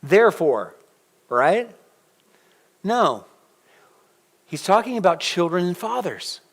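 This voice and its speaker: A middle-aged man preaching a sermon in a church, conversational and animated, putting questions to the congregation. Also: high-pitched, slow. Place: church sanctuary.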